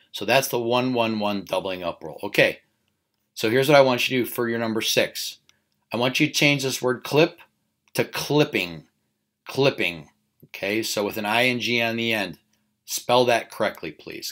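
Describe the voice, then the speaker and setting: A man with a fairly low voice walks students through spelling rules. He says each word again and again and keeps asking "okay?" to check they follow. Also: fairly bright tone. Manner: repeats words slowly, checks in with "okay?". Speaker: teacher. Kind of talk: recorded spelling lesson.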